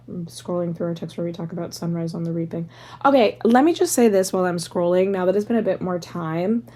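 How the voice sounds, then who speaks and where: A woman's voice: fairly low pitch, a little fast, a little mellow. A woman in her thirties hosting a solo podcast, rambling casually through tangents with lots of "like" fillers. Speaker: podcast host.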